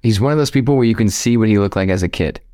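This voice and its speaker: A man co-hosting a podcast in quick, chatty casual conversation. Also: on the low side, dark tone, no echo, clean studio sound. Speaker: podcast co-host. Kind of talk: casual chat.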